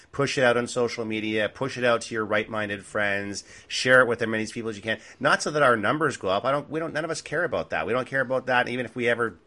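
A man with a low-pitched but bright, forceful voice, talking in casual political chat as a co-host. He sounds blunt and emphatic, and he drops in mocking asides. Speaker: podcast co-host.

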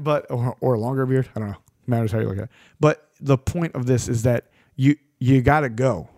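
A man's voice: medium pitch, darkish tone, dry recording, studio quality. A man talking in a casual motivational monologue as a podcast host, rambling and repeating himself, often asking "right?".

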